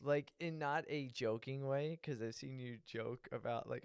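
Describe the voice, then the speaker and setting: Smooth gravelly co-host, supportive. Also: medium pitch, a little slow, dry recording, studio quality. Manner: supportive, brief affirmations. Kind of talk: casual chat.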